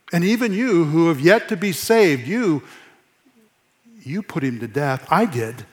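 A man preaching a sermon to his congregation in church, earnest, repeating phrases for emphasis and dropping to a soft hush. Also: on the high side. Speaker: pastor.

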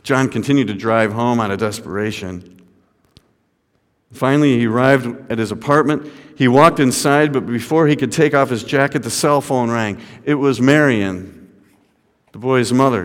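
A man's voice: medium pitch, moderate pace. Man preaching in a reverberant hall. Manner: dramatic, swinging from hushed to raised. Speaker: pastor. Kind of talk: sermon storytelling.

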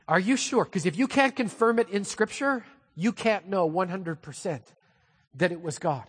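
A male pastor preaching a sermon with animated, humorous storytelling, recorded in a church hall with long reverb. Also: sits high, normal speed, slightly rough.

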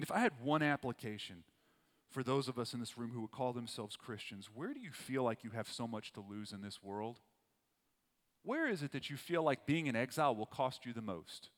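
A man preaching a sermon to a church congregation, earnest and emphatic, repeating his key phrases. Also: medium pitch. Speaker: pastor. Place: church auditorium. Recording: long hall reverb.

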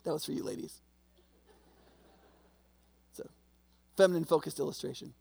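Conversational pastor preaching, high gravelly voice, checks in with listeners, long hall reverb. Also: male voice, fairly even intonation, normal speed, a little mellow. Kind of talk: sermon.

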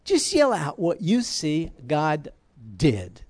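A man's voice: a little high, wildly swooping pitch, takes it slowly, a little mellow, no echo. Joking, emphatic male preacher. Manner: joking, emphatic, repeats key phrases. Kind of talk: conversational sermon to a congregation.

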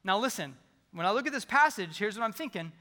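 A man preaching a sermon as pastor, animated and conversational, with touches of humor. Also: sits high, fast. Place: large church sanctuary. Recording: long hall reverb.

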